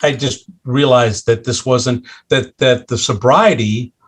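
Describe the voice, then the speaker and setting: A middle-aged man, a podcast guest, candidly telling stories about his own life with self-deprecating humor and animated delivery. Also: mid-range voice, unhurried. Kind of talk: candid interview storytelling.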